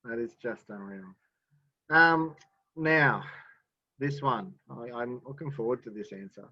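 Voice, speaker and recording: A man's voice: mid-range voice, measured pace, bright, forceful tone, no echo. A man hosting a casual interview podcast, asking rambling questions with restarts. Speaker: podcast host. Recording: dull, dry lo-fi recording.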